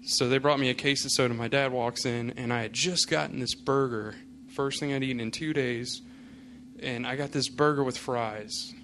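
A male pastor speaking at a middle pitch, loose and conversational, leaning on fillers as he tells a story. The telling has an easy, unhurried sermon feel. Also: fairly even intonation, fairly bright tone, a little hiss or hum. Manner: casual storytelling, many fillers. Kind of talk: sermon with personal anecdote.

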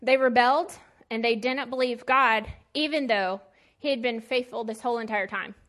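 Woman Bible teacher, fairly high voice, chatty, emphatic preaching with slang. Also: moderate pace, a bit bright. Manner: conversational and emphatic, with plain slangy asides. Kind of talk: casual sermon.

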